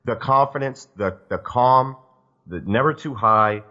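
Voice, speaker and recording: A man in a casual sports podcast, analyzing the game in a quick, rambling way. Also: mid-range voice, lo-fi sound. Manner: fast, analytical, many restarts.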